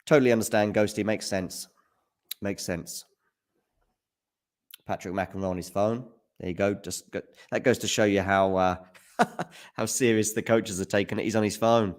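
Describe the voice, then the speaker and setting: A man with a fairly low voice calls a tennis match live on a stream in a loose, casual way. He talks back to viewers from the chat between points and jumps up loud at the big shots. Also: steady tone, moderate pace, pauses often. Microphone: handheld mic at times.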